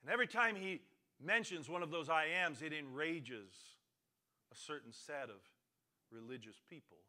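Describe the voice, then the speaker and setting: Emphatic bright-voiced male pastor preaching. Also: a little high, normal speed. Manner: dramatic swings from loud emphatic lines to quiet near-murmurs; repetitive, preacherly phrasing. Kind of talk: sermon.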